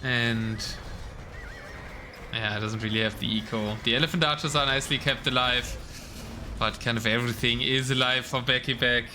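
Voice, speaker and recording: Bright-voiced male esports caster. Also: medium pitch, slight background noise. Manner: casual, chats with the live chat between calls. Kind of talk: live game commentary.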